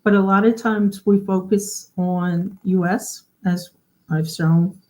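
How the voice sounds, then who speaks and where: Woman, livestream host, mid-pitched, casual and chatty, explains and asks viewers questions. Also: fairly even intonation, takes it slowly, mellow. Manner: chatty, explains while showing pages, often asks the audience questions.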